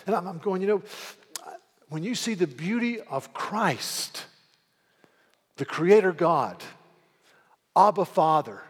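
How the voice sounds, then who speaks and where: A man preaching a sermon as pastor, moving from loud, fervent pleading to quiet, low storytelling. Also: expressive, slow pace, long pauses, slightly rough, in a large hall.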